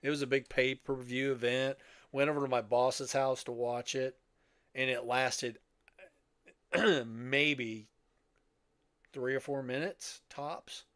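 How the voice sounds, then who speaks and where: An older man swaps stories on a podcast at an easy, wandering pace, wry and quick to laugh. His voice sits at an ordinary middle pitch and is recorded close and dry, with no room around it. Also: fairly even intonation, a bit bright, smooth, no room sound. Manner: rambling storyteller, wry, laughs often. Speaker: podcast co-host. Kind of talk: casual chat.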